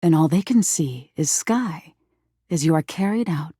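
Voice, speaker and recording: A woman's voice: low voice, animated, unhurried, mellow, breathy edge, dry recording, studio quality, heavily acted. A woman voicing a menacing female nightmare spirit in a video game, narrating frightening scenes to the player in the second person. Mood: ominous.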